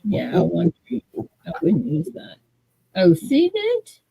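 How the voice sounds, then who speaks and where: A woman's voice: lowish voice, huge pitch swings, takes it slowly, creaky, dark tone, slightly rough, poor audio. A woman hosting a casual live show, bantering and laughing easily. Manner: laughing, playfully defensive banter. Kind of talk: casual live-stream chat.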